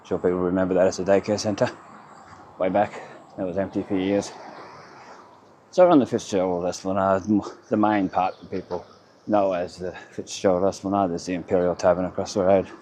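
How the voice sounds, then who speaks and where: A low-voiced man strolls outdoors, narrating his town in loose, self-correcting fragments. His delivery is casual and wandering, with a faint outdoor hiss and insects in the background. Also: little pitch movement, brisk, dark tone. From Australia. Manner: rambling, chatty, self-correcting, speaks in short fragments. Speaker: vlogger giving a walking tour of his town. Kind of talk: casual walking-tour commentary. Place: outdoors on town streets by a river.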